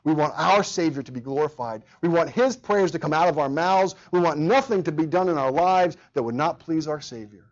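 An earnest male pastor delivers a sermon in a slightly high voice. He repeats words as he goes and acts out quoted prayers. The recording sounds dull and lo-fi. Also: fairly quick, hardly any pauses.

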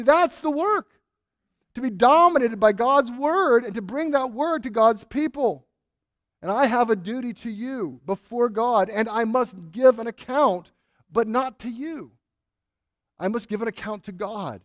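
A man with a fairly high voice preaches a sermon as pastor, earnest and emphatic. He leans on key words and keeps asking his congregation rhetorical questions. The sound is dry and close, with almost no room around it. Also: no room sound.

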